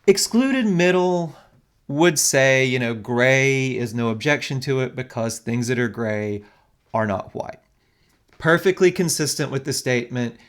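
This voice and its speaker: With a medium-pitched voice, this philosophy lecturer works step by step through an animated recorded lecture, frequently pausing to ask "right?".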